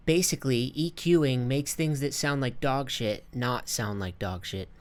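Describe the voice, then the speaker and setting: Man, casual music production tutorial, crude slang, lots of fillers, mid pitch. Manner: loose, crude and conversational, many fillers.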